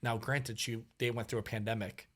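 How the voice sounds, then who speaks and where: Animated storytelling man, podcast guest. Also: mid-range voice, moderate pace. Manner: animated, acts out quoted dialogue, many fillers. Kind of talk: casual storytelling conversation.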